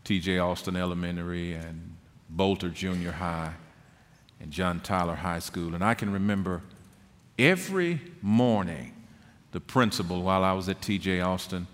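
A middle-aged man preaching a sermon as pastor, slow and emphatic, building to forceful peaks. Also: low-pitched, in a large hall. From Texas.

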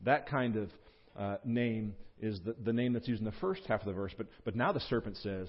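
A man preaching a sermon, teaching through a scripture passage in an earnest tone with fillers and restarts, jumping up in pitch and volume when he voices the words he quotes. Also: animated, fairly quick, highs cut off. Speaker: pastor. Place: church.

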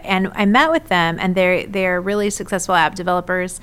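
A woman's voice: lowish voice, steady tone, a little fast, a bit bright, clean tone. A woman pastor answering interview questions earnestly and openly, with some fillers as she thinks. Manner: earnest and open, with frequent fillers and restarts. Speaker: pastor, guest.

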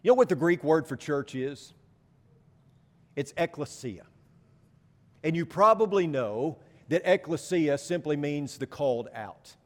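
A man's voice: fairly high pitch, lively intonation, a little slow, long pauses, long reverb tail. A male preacher giving an emphatic sermon, repeating his phrases and asking the congregation rhetorical questions.

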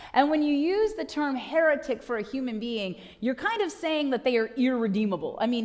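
A woman's voice: fairly high pitch, a little mellow. A woman pastor preaching a conversational sermon, asking rhetorical questions and making wry asides. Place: church sanctuary. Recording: long reverb of a church hall.

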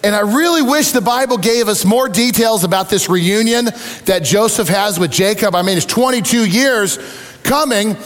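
A middle-aged male pastor preaches in a high, bright-pitched voice. He tells stories with animated, self-deprecating humor. His voice rings out with the long reverb of a large hall. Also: normal speed. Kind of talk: sermon.

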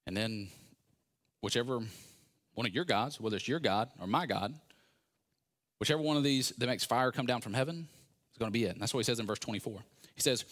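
Animated, sarcastic male preacher. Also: mid-range voice, fairly quick, long pauses. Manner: animated, sarcastic storytelling with acted-out quotes. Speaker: pastor. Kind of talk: sermon.

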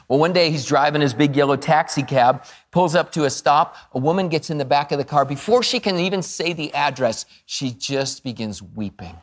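Man preaching with big swings in volume. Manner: dynamic, swings from loud high bursts to hushed low phrases; storytelling with quoted dialogue. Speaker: pastor. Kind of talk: sermon.

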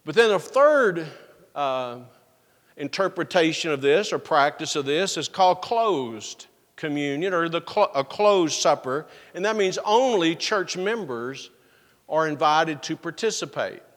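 A man preaching from the pulpit, his voice pitched high for a man. He slows down and leans hard on the words when he reads scripture aloud. The sound carries a long reverb from the church sanctuary around him. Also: animated, fairly bright tone. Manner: drawn-out emphatic scripture reading. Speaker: pastor. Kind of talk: sermon.

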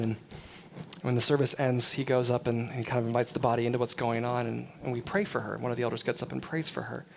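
A man preaching a sermon, telling a story with animated swings between hushed retelling and loud exclamations. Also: a little high. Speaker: pastor. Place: church service.

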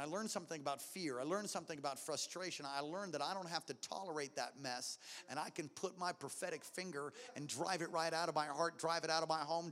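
A man preaching with a notably high voice, his words ringing through a big hall with a long echo. He drives his points home through repetition and calls for the crowd to answer back. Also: fairly bright tone. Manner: emphatic, repetitive preaching with call-and-response. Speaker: pastor. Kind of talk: sermon.

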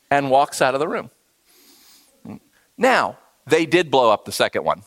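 A man's pastoral sermon comes alive through animated anecdotes in which he voices each character. His pitch is on the high side, his pace normal, and the sound has no echo.

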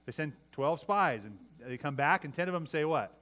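Bright and forceful, a middle-aged pastor's voice sits on the high side with lively intonation, moving at normal speed with few pauses. He preaches conversationally, restarting phrases and often asking "right?"

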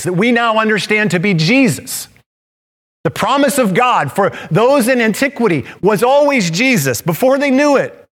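A male pastor preaching a sermon, animated and playful, with self-deprecating asides. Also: high-pitched.

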